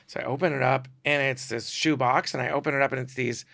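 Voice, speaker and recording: Gravelly, bright-voiced man telling a story. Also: medium pitch, quick pace, no echo. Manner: animated storyteller who acts out quoted dialogue. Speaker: celebrity photographer, podcast guest. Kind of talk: comic storytelling in a podcast interview.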